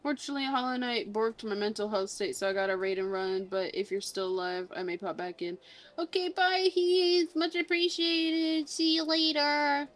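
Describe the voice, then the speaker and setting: A woman's voice: sits high, normal speed. A young woman streaming a game, chatting casually with her chat in a playful, sarcastic way, swearing freely and sounding sleepy.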